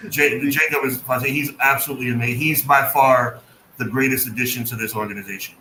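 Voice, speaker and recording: A man co-hosts a casual wrestling podcast, speaking emphatically and dropping sarcastic asides. His medium-pitched voice holds a steady tone and moves fairly quickly, bright and forceful, in an echoey room with faint noise.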